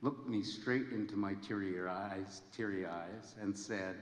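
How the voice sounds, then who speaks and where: Older man giving a heartfelt speech in a hall. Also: on the low side. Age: 70s. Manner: measured, earnest, heartfelt. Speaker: honorary degree recipient giving a speech. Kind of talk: formal ceremony speech. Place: large hall. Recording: echoey hall with long reverb.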